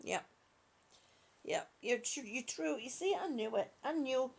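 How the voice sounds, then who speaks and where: A woman hosting a live stream, speaking softly and affectionately to her viewers with halting, repeated words. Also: high-pitched, lively intonation, creaky, a little hiss or hum. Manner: soft, affectionate, calls viewers honey and sweetie. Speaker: livestream host reading viewer comments. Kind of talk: slow casual live chat.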